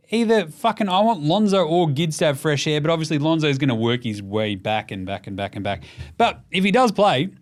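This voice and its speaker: Aussie male podcast host, animated pitch, slightly high voice, foul-mouthed and jokey. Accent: Australian. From Australia. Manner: animated, profane, jokey, bursts into shouts. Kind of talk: casual sweary basketball chat.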